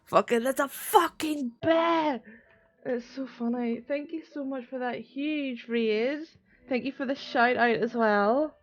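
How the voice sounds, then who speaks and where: A young woman from Northern Ireland with a Northern Irish accent, chatting casually and excitably on a live stream and swearing often. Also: sits high, slow. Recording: dull lo-fi stream audio with soft music. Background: soft music.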